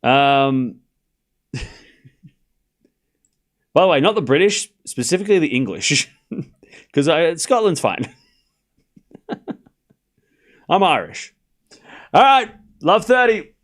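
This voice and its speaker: Slow and sing-song, with long pauses, a young Australian man's slightly high voice narrates his tennis watchalong stream. He calls the scores and jokes sarcastically with chat.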